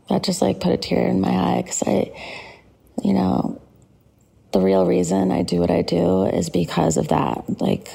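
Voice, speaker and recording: A woman hosting a podcast, recapping her day in a chatty, gushing way with many fillers, tired and about to go to bed. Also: warm tone. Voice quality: low creaky vocal fry. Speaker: podcast host. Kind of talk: casual late-night recap monologue.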